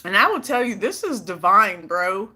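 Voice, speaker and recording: Her voice is mid-range, pushed and bright, with big pitch swings and a moderate pace. This Bay Area, California vlogger chats playfully on a live stream, talking a lot and reading viewer comments.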